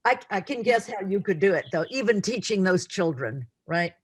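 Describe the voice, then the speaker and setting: A woman's voice: medium pitch, expressive, normal speed, breathy edge, no room sound. A middle-aged woman teaching an online class in an earnest, emotional way, often repeating words. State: near tears.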